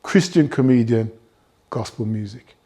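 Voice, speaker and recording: Man, show organiser, warm, husky, steady explaining. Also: mid-range voice, unhurried. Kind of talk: explaining interview.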